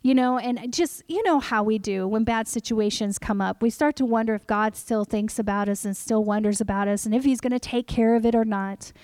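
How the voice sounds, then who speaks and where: A woman preaches a sermon in a high, bright-sitting voice. She tells a personal testimony with animated storytelling, acting out her own past words. The sound is dry and close, with no room around it. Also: a little fast, hardly any pauses, clean tone, dry recording.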